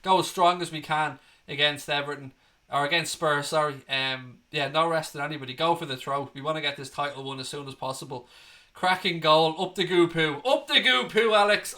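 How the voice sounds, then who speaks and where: A fan channel host, chatting casually on a live stream. His voice is bright and forward and sits a little high for a man. He reads out viewer messages and answers them with cheeky banter and a bit of swearing. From Ireland. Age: 30s. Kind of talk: casual livestream chat.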